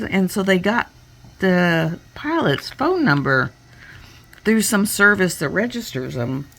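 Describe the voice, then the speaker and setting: Gravelly-voiced woman telling a story. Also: fairly low pitch. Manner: animated retelling with quoted voices. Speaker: crafting vlogger. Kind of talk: casual storytelling while crafting. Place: home craft workstation.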